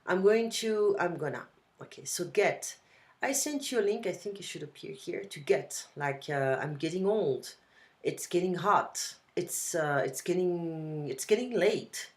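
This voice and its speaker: A woman with a French accent gives a casual one-on-one lesson over a video call. Her voice sits deep for a woman, and she lays out each point patiently, repeating example phrases one after another. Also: animated, a little slow. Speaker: language tutor.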